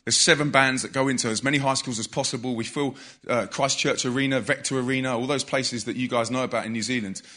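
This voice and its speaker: Forceful husky preacher man. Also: mid-range voice, fast talker, hardly any pauses. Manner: energetic storyteller, loud bursts of emphasis. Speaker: youth evangelist. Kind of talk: preaching testimony to a live audience.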